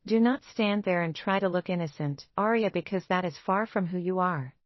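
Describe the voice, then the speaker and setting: A man's voice: high voice, moderate pace, no room sound, lo-fi sound, natural voice. A woman reading the part of a cold, angry young male executive who scolds his wife harshly. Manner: harsh, scornful, commanding.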